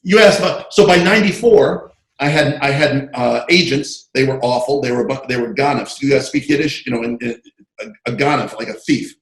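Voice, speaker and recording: A man being interviewed about his screenwriting career, telling animated, digressive stories full of asides over a video call. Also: mid-range voice, a little fast, echoey room, low-quality recording. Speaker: interview guest, screenwriter and comic artist. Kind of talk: casual anecdotal storytelling.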